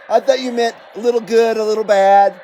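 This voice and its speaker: A man's voice: very high voice, dark tone, slight background noise. An American man hosting a CB radio livestream from his home radio room, chatting casually, reading viewer comments aloud and swearing now and then.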